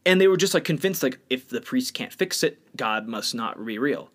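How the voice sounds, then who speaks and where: A man co-hosting a podcast, talking bluntly and opinionatedly in casual chat, swinging between louder bursts and quiet stretches. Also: medium pitch, expressive, normal speed. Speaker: podcast co-host.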